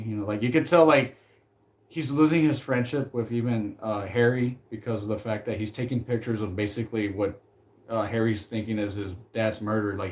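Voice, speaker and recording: A man chatting casually about films in a loose, rambling way. He gets animated, swears freely, and laughs often between thoughts. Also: lowish voice, moderate pace. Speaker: movie commentary vlogger. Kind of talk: casual chat.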